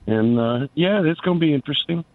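A man's voice: a little high, animated, fairly quick, no room sound. A man calling a radio show, rambling in a folksy, teasing way. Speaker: caller. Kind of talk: rambling phone-in rant. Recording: tinny phone line.

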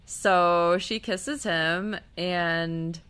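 A young woman talks through a show's episode in a casual, gushy way, swinging from hushed asides to loud outbursts. Her voice is bright and crisp, sitting a little low for a woman. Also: steady tone, drawn-out words. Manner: gushing, emotional, swings between hushed and loud. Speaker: TV recap vlogger.

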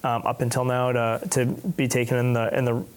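A man talking as a guest on a podcast, answering in a halting way with frequent restarts and small laughs. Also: medium pitch, level tone. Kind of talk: casual conversational interview.

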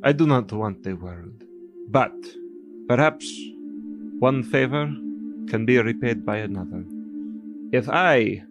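A man takes the role of a shrewd, formal adventurer who weighs every deal warily. His lowish voice stays stiff and careful, and soft music with a singing bowl plays behind him. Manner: formal, wary, bargaining. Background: ambient music with singing bowl.

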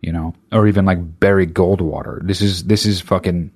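A comedian doing a stand-up rant, talking in an exasperated, profane and rhetorical way. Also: male voice, deep voice, steady tone, moderate pace, a little mellow, breathy edge.

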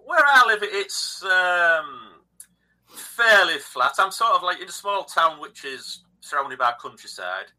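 Easygoing English man, crisp and sharp. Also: high-pitched, sing-song, unhurried, low-quality recording. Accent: English, East Anglian coast. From England. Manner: easygoing, hesitant with ums. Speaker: guest musician. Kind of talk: casual interview.

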